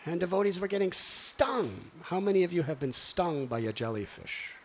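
A man telling a story to a gathering, animated and exclamatory as he acts out the sounds. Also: high voice, moderate pace. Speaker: spiritual speaker.

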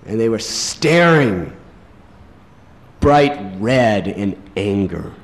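A man delivers a sermon as dramatic storytelling, drawing out words at an unhurried pace. His voice rings through a large hall with a long reverb trailing each phrase. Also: fairly low pitch, very animated. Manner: dramatic storytelling, slows for emphasis. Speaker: preacher.

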